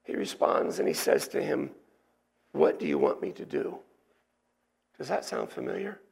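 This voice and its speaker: Male preacher, fairly high-pitched and gravelly, explanatory sermon delivery. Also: wildly swooping pitch, moderate pace, a little mellow. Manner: explanatory, teacherly, with restarts and asides. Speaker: pastor. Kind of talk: expository sermon.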